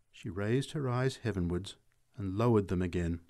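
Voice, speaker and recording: A man reading a short story aloud as the narrator, in a measured storytelling manner. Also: medium pitch, darkish tone.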